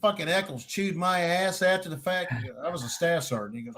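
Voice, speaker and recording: A man's voice: high-pitched, a little fast, hardly any pauses, a crowd in the background. Middle-aged guy spinning war stories, swears a lot, voice jumps way up when he quotes people. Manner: animated storyteller, acts out quotes loudly, swears freely. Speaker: podcast co-host, veteran. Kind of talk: casual storytelling chat.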